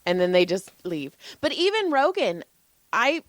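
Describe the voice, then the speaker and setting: A woman co-hosting a podcast who tells stories in a casual, animated way, laughing often and swearing freely. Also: a little high, measured pace, no room sound. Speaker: podcast co-host. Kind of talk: casual chat.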